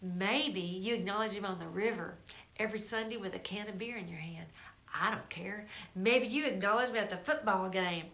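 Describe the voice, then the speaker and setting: A woman's voice: medium pitch, moderate pace. Coaxing woman preacher in a roomy space. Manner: coaxing, emphatic, swings from hushed to forceful. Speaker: show host. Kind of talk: spiritual exhortation. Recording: roomy echo.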